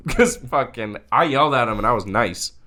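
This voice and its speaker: A man's voice: mid-range voice, animated, moderate pace, bright, forceful tone. A man co-hosting a podcast, telling stories in casual chat, cursing often and laughing. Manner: profane, laughing storyteller. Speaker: podcast co-host.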